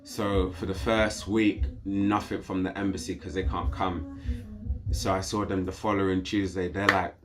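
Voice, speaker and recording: Low-voiced British man telling stories. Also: moderate pace, over music. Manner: animated, acts out quoted voices. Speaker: podcast guest. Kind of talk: casual storytelling chat.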